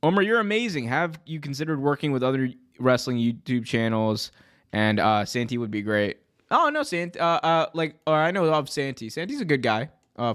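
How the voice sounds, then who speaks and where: A man hosting a wrestling podcast, chatting casually with excitable, joking reactions and lots of slang. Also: fairly high pitch, smooth. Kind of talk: casual livestream commentary.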